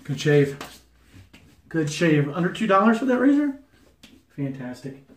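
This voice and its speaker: A man's voice: on the high side, very animated, a little slow. A man with an Ohio accent, chatty and self-deprecating, doing a casual shaving review on his porch. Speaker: wet shaving YouTuber. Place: porch at home.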